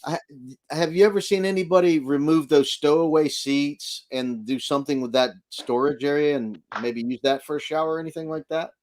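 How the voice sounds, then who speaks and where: A man's voice: a little high, fairly quick, a little mellow. A man hosting a live stream in casual chat, easygoing and reading viewer comments aloud.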